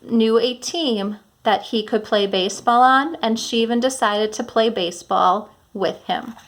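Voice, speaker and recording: A woman teacher with a fairly high voice reading a children's chapter book aloud. She explains each step clearly and patiently, like a classroom lesson. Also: a bit bright.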